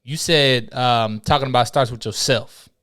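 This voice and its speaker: A man's voice: medium pitch, moderate pace, a bit bright, smooth. A man co-hosting a podcast, a former morning show host, giving advice in a casual, preachy way built on sayings. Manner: preachy, uses sayings, asks "right?".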